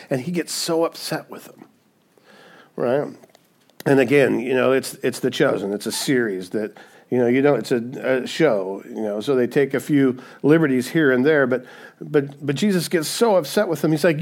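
A pastor preaches a sermon at medium pitch and normal speed in a casual, conversational way. He often tacks on "right?" and animatedly acts out the voices he quotes.

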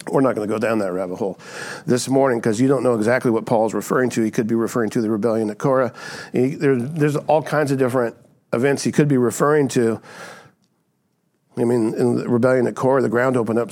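A man preaching to a church congregation in a relaxed, conversational teaching manner. His voice sits at a middle pitch, and he keeps tossing out rhetorical "right?"s as he walks through the text. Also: quick pace. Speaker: pastor. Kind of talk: sermon.

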